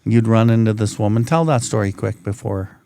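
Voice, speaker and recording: Chill podcast host guy, low gravelly voice, dark tone, swears easy and says bro. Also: a little fast, dry recording, studio quality. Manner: laid-back, swears, calls guest bro. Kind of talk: casual interview chat.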